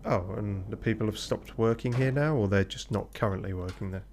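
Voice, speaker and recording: A man with a fairly low voice casually narrates his game on a live stream. His tone is offhand, with mumbled asides and the occasional swear word. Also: fairly quick, darkish tone, slight background noise.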